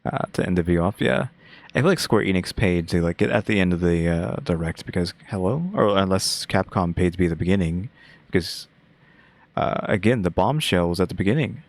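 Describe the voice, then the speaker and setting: Gravelly deep-voiced man, monotone. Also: a little fast. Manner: monotone, laid-back. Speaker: channel host reacting to a game showcase. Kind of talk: casual reaction commentary.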